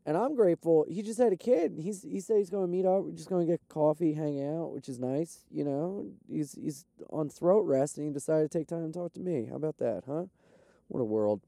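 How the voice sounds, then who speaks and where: A man, a touring stand-up comic, chatting casually and rambling with lots of swearing and excitement while sitting in his parked car. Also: on the high side, no echo, clean studio sound. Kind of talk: casual vlog chat.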